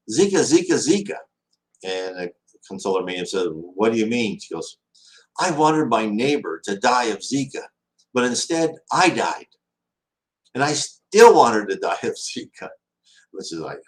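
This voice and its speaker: A man's voice: on the low side, rough recording. A man hosting a question-and-answer talk, telling stories in a rambling way with many restarts and acted-out quotes. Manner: rambling, with frequent restarts, acting out quoted speech. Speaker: host answering viewer questions. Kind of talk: casual storytelling talk.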